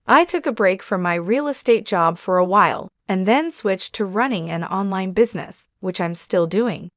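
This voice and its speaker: A woman's voice: mid-range voice, lively intonation, moderate pace, few pauses, fairly bright tone, dry recording. Woman reading a story in a dry voice. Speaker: story narrator. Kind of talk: scripted story narration.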